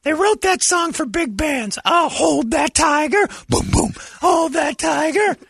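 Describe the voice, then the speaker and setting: An actor playing an excitable, rambling male football superfan who shouts crude non sequiturs. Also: very high-pitched, normal speed, vocal fry, dry recording, studio quality, exaggerated voice. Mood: gleeful. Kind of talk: sketch comedy character.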